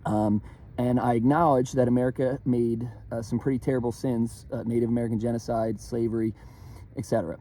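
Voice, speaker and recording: A young man from Philadelphia ranting casually, profane and animated, with lots of fillers and restarts. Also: mid-range voice, fairly quick. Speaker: vlogger. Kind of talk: casual rant to camera.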